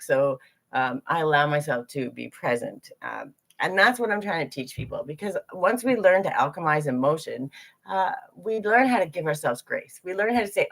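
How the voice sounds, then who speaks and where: Woman teacher, lowish voice, animated live talk to a group, casual and candid. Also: moderate pace, creaky. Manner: animated, acts out inner voices.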